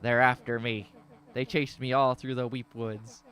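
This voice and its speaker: A man voicing a bitter, hunted young monster boy who talks loudly and resentfully. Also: medium pitch, level tone, measured pace, natural voice. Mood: frantic. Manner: loud, resentful and sulky.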